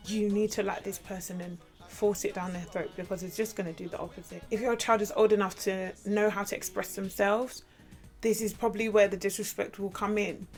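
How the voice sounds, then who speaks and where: A woman's voice: medium pitch, steady tone, a little fast, darkish tone, soft background music. A woman giving step-parenting tips to camera, emphatic and repeating her points for stress. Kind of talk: casual advice talk to camera.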